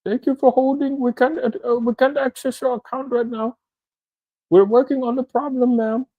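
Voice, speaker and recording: A nervous, over-apologetic call-center agent with a strong accent, put on by a man squeaks out apologies in a voice pitched far above his own. The words come out halting and full of filler sounds. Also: fairly even intonation, phone-quality sound.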